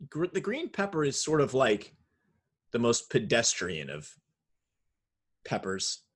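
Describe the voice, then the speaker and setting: A man's voice: medium pitch, wildly swooping pitch, measured pace, breathy edge. A man co-hosting a podcast in casual chat, joking and riffing. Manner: joking, riffs in silly put-on voices. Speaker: podcast co-host.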